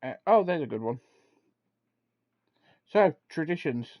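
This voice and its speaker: A man's voice: a little high, animated, unhurried, no echo, dull audio. A man hosting a casual podcast, laughing often and reading aloud from a web page, with some swearing. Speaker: podcast host. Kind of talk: casual chat.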